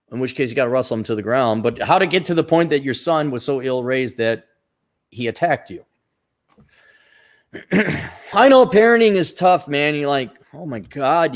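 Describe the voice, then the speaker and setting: A man hosting a casual livestream, reading out viewer donations and giving blunt, rambling opinions with frequent restarts. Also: fairly high pitch.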